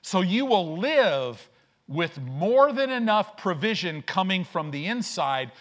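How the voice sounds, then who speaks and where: With a high voice and big swings in pitch, a male preacher gives a lively church sermon in rapid bursts. He trades call-and-response with the congregation and asks rhetorical questions, sounding fairly bright.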